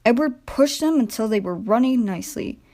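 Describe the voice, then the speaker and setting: A woman narrates a children's railway storybook in a gentle, expressive reading voice. Her pitch sits a little high for a woman. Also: normal speed.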